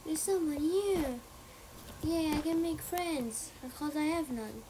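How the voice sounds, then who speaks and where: A high-voiced woman talks her way through a video game in an unhurried, drawn-out way, chatting to herself and cursing freely. Her asides sink to muttered whispers. Heavy background noise sits under everything. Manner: talks to herself, swears a lot, shrieks when startled, drops to muttered whispers. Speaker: gamer playing on stream. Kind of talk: casual gameplay commentary.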